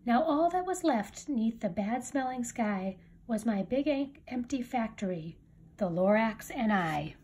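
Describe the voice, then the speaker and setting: A woman's voice: on the high side, lively intonation, unhurried, darkish tone, a little hiss or hum. A woman reading a rhyming picture book aloud with a rhythmic storybook delivery. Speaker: reader.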